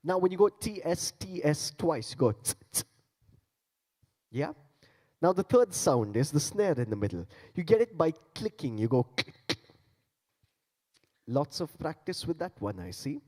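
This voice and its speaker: A man's voice: on the high side, very animated, a little slow, pauses often, warm tone. A man giving a playful stage talk on beatboxing, coaxing the audience to join in. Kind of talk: interactive stage talk and demonstration. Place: large conference hall. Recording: long hall reverb.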